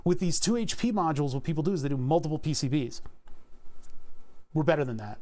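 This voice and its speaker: A man's voice: on the high side, lively intonation, quick pace, a little mellow. A man with a Philadelphia accent chatting casually and jokingly on a livestream while he designs circuit boards, rambling and swearing freely. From Philadelphia, USA. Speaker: streamer.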